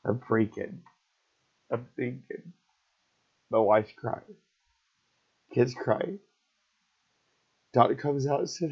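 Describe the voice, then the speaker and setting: Middle-aged man, husky and raw, telling a painful story in fits and starts; muffled lo-fi recording. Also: medium pitch, expressive. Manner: halting, repetitive, raw. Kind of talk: emotional personal story. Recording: dull lo-fi recording.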